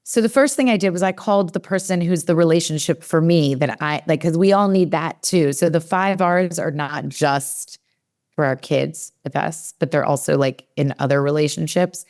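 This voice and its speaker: A woman's voice: low-pitched, moderate pace, darkish tone. A woman in her forties, a developmental psychologist, chatting in a podcast interview and acting out her own inner dialogue with many fillers.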